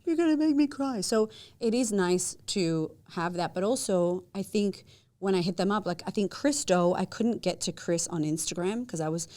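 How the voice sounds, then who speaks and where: A woman with a somewhat low speaking voice chats as a podcast guest. She tells her stories with lively energy and voices the quotes of other people in a much higher pitch. She laughs easily and drops the odd swear word. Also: normal speed. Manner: animated storyteller who acts out quotes with big jumps up in pitch; swears casually and laughs often. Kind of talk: casual podcast conversation.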